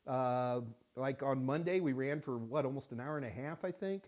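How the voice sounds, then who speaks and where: A man's voice: medium pitch, normal speed, a little mellow. A man hosting a live-stream Q&A. He chats casually, jokes, and greets viewers by name. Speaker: host answering viewer questions. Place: Houston studio.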